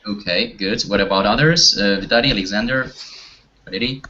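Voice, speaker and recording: A man's voice: on the low side, normal speed, bright, forceful tone, slight background noise. A man teaching an online English class, talking hesitantly with many fillers and restarts. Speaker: language teacher. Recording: dull lo-fi audio.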